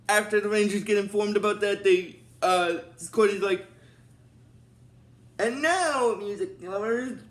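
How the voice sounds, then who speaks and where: A man casually recapping a TV episode, rambling along with many fillers. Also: sits high. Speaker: show recap host.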